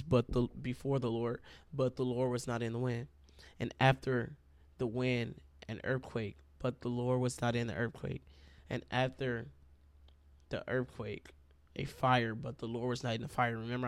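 A man's voice: medium pitch, a little mellow, dry recording. A man preaching a sermon in a conversational way, calling his listeners y'all, with an itchy throat.

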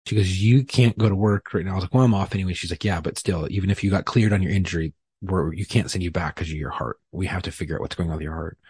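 A man with a low, deeply husky voice tells his story in a loose, profane, rambling way, often joking at his own expense. The sound is close and dry, with no room around it. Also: fast, hardly any pauses, darkish tone, no room sound. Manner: profane, rambling, self-deprecating. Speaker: podcast guest. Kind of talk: casual storytelling.

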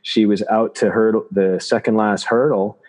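A man, a chiropractor from Canada, telling personal stories in an interview, halting and reflective with many restarts. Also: on the low side, fairly even intonation, darkish tone. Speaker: guest, chiropractor.

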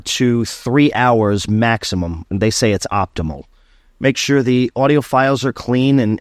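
A man hosting a casual solo podcast, talking in an animated, sarcastic ranting way. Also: lowish voice, no echo, clean studio sound. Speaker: podcast host.

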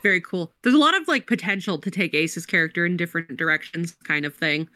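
A bright-toned woman chatting casually on a podcast. She explains things in a loose, rambling way with plenty of "um" and "like". The sound is dry and close. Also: fairly low pitch, very animated, fast talker, no room sound. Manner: chatty, explains lore with many fillers. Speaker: podcast co-host and game master.

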